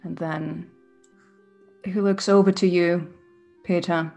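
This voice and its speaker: Woman GM, slow and atmospheric, lowish voice, faint music underneath. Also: steady tone, mellow. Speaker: game master. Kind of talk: narrating a tabletop game.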